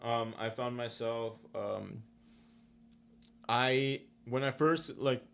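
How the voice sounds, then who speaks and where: A young man talking in a loose, rambling way, full of "like" and swearing. His voice has a gravelly, fry-heavy edge at a middle pitch. He sounds like a podcast co-host chatting casually. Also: steady tone, slow pace, fairly bright tone. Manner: rambling, filler-heavy, profane. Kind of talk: casual chat.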